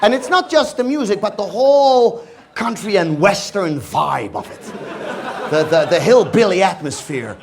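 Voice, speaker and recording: Stammering Dutch stand-up comedian. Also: male voice, high voice, creaky, slight background noise. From Netherlands. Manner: halting, stammering repetitions, deadpan absurd. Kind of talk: stand-up storytelling. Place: stage.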